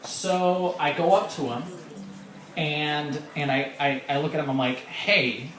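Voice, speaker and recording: A young comic telling a stand-up joke in a halting way, repeating words, heard in an echoey room from far off. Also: mid-range voice, slight background noise.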